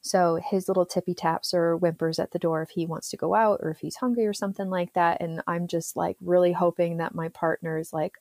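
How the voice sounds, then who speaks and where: A woman in her thirties talks through her work life in a relaxed, rambling way, full of "um"s and little laughs. Her voice sits a bit low, and the recording is close and dry, with no room sound. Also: a little fast, hardly any pauses, dry recording. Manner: chatty, laughs often, many fillers. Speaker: therapist, podcast guest. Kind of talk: casual interview chat.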